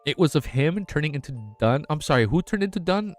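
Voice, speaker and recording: A man's voice: on the high side, lively intonation, fairly quick, faint music behind. A man streaming live, reading a novel aloud, stumbling over words and laughing at his own misreads, in slangy casual talk. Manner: casual, slangy, says man and dude a lot.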